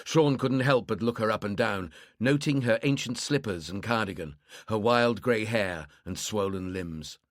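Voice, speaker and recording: A man reading a crime thriller audiobook in a steady, measured narration. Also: fairly low pitch, no echo, clean studio sound.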